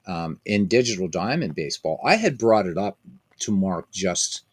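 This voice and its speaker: A man with a low voice hosts a casual stream of a baseball simulation game. He rambles in a chatty way, piling up ums and restarts as he talks to his viewers. The sound is dry and close, with no room echo. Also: big pitch swings, moderate pace, husky.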